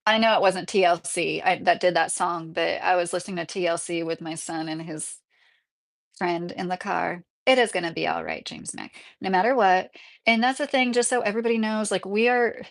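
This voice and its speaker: A middle-aged woman chatting casually on a livestream, answering viewers in a rambling way with lots of fillers and frequent laughs. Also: mid-range voice.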